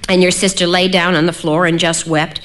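A woman voicing a worried middle-aged father who speaks quietly and haltingly, apologizing as he goes. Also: on the low side, flat delivery, close to an everyday voice. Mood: weary.

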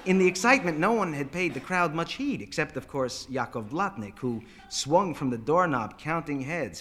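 A man narrating a story aloud with animated, dramatic delivery. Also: fairly high pitch, moderate pace, few pauses, noisy background. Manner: animated, voices characters.

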